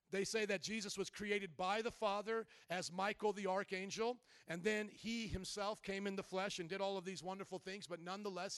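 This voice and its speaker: Male pastor, high voice, lively emphatic preaching, dry close sound. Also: no room sound. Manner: animated, emphatic preaching, bursts into shouts. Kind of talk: sermon. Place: church service.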